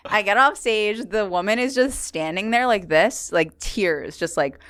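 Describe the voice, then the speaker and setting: Smooth-voiced woman comedian telling stories. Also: measured pace, no echo, studio quality. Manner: animated storyteller, acts out quotes in a high voice. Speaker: podcast host. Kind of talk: casual chat, storytelling.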